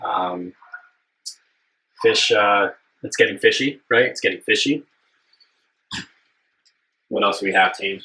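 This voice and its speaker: A man's voice: on the low side, slow pace, long pauses, bright, forceful tone, slight background noise, rough recording. A young man hosting a live cooking stream, chatting casually and upbeat with his viewers, rambling with plenty of fillers.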